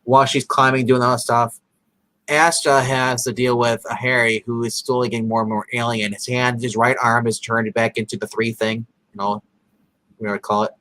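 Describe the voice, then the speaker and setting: A man's voice: mid-range voice, flat delivery, normal speed, bright, forceful tone, dry recording, poor audio. Rambling man recapping a show. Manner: rambling, many fillers, acts out characters' lines. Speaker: podcast co-host. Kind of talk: casual episode recap chat.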